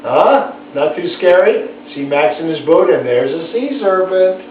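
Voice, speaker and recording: A man reading a picture book aloud to his pet bird at home, gentle and chatty, stopping for asides to his pet. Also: high-pitched, expressive, unhurried. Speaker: storybook reader to a pet bird. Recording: tinny, echoey, from far off, faint hiss.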